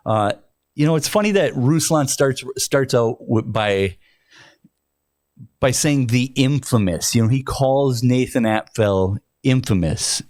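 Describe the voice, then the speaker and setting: A man hosting a reaction video, talking in a slow, hesitant way with many fillers and restarts. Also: medium pitch, a little mellow, dry recording, studio quality. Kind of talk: casual commentary.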